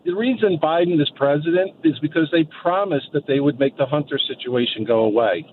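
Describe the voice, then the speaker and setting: A man's voice: on the high side, fairly quick. A man calling in to a radio show, blunt and conspiratorial. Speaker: caller. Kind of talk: call-in chat. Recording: tinny phone line with faint hiss.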